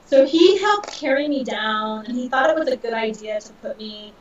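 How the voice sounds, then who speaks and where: A woman in her thirties, a podcast guest, telling a personal story in an emotional, animated way with laughter. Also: fairly high pitch, normal speed, a little hiss or hum. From Southern California. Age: 30s. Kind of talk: casual storytelling. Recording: dull, distant, roomy audio.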